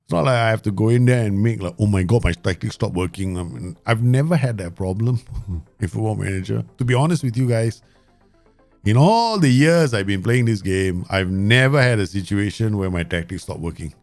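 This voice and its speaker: A man hosting his gaming channel, giving live commentary and talking to himself and the viewers in an excitable way. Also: lowish voice, moderate pace, no echo, faint music behind. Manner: excitable, talks to himself and the viewers, frequent laughs.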